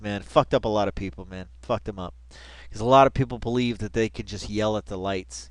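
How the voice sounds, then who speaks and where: A man's voice: mid-range voice, dry recording. A man hosting a reaction video, talking in a casual, rambling, profane way full of slang.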